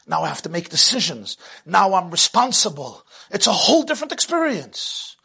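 Male religious teacher preaching; high, bright voice; lively delivery that swings between hushed and loud. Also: moderate pace, gravelly, breathy edge. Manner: animated, swings from hushed to loud, laughs at own jokes. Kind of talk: sermon.

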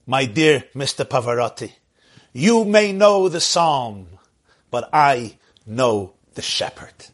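A man quoting an old Jewish grandmother in a gentle, earnest way during a sermon. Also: mid-range voice, big pitch swings, slow pace, pitched below the performer's own voice.

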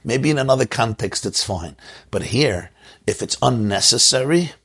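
A man's voice: mid-range voice, lively intonation, moderate pace, fairly bright tone, breathy edge. A man teaching a Torah lecture, a rabbi who tells stories, chuckles often and repeats his key phrases.

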